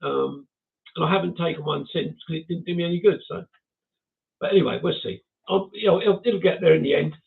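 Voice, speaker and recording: A man's voice: fairly high pitch, brisk, vocal fry. An older man hosting a casual livestream chat, reading out viewer comments with chuckles and self-mocking asides. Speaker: livestream host. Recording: tinny phone-like sound.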